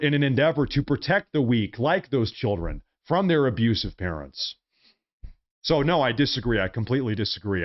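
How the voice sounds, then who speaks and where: An American man with a lowish voice hosts a political livestream, delivering a fiery, emphatic rant and often repeating his phrases. The heated live commentary has a lo-fi sound.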